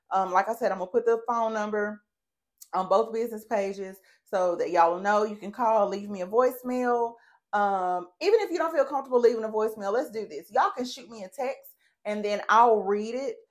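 A woman hosting a podcast, ranting casually and swearing freely as she talks straight to her listeners. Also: mid-range voice. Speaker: podcast host. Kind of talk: casual solo podcast rant.

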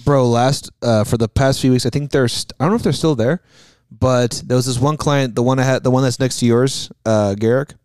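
A man's voice: mid-range voice, brisk, darkish tone, smooth, dry recording, studio quality. A man who cleans pools, in casual chat, talking in laid-back slang with short reactions. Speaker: pool cleaner.

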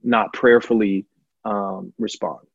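A man who is a pastor, talking candidly and passionately, his voice climbing high and loud when stirred. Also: fairly even intonation, slow, creaky, husky, dry recording, lo-fi sound. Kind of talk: candid conversation.

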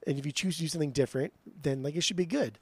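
A man's voice: very fast, slightly rough, no echo. A man co-hosting a music podcast, ranting in mock outrage and swearing often as he argues over album rankings. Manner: swears a lot, mock-outraged rants, mimics his co-host in a higher voice. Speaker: podcast co-host. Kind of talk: casual heated music chat.

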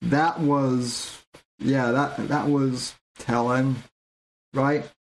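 A male podcast host giving casual commentary on video clips, halting and repeating his words as he goes. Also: mid-range voice, steady tone. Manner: halting, repeats words, slow to get going.

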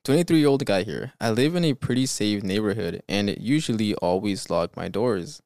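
A man's voice: lowish voice, lively intonation, normal speed, a little mellow, no room sound, studio quality. Laughing man hosting a podcast. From California. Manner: laughs often, rambling with fillers. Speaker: podcast host. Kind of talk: casual chat and reading stories aloud.

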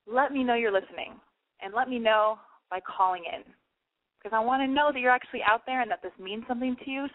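A woman's voice: fairly high pitch, phone-quality sound. A woman hosting a call-in podcast from her apartment, talking in a frantic, self-mocking way and swearing freely. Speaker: podcast host taking calls. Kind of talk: casual call-in podcast chat.

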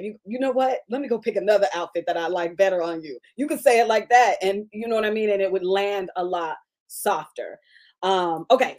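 A woman's voice: mid-range voice, a little mellow. Chatty enthusiastic woman host. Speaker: podcast host. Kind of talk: casual interview chat.

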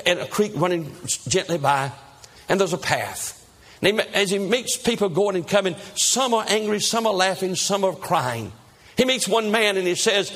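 Preacher narrating a sermon story with drama; husky, slightly high male voice.

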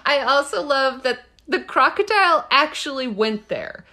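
A woman's voice: high voice, animated, measured pace, pushed and bright. A woman co-hosting a podcast, chatting casually with lots of fillers, laughing often and gushing as she reads quotes aloud. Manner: giggly, gushing, filler-heavy. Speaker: podcast co-host.

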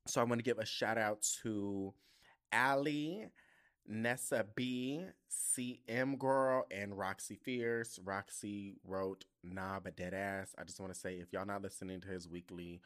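A young man hosting his own podcast in a casual, camp, expressive way, swearing freely and laughing at himself. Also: on the low side, a little slow. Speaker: podcast host. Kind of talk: casual solo podcast chat.

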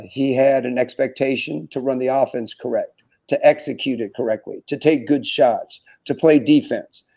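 A man in his sixties, a former college basketball player, telling stories in an interview and acting out the dialogue with laughter. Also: mid-range voice. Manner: animated storyteller who acts out quoted dialogue and laughs often. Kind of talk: anecdotal storytelling in an interview.

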